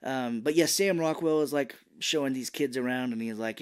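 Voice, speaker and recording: A man co-hosting a podcast, casually recapping a movie scene by scene and dropping into quick silly character voices. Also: medium pitch, clear, resonant tone. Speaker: podcast co-host.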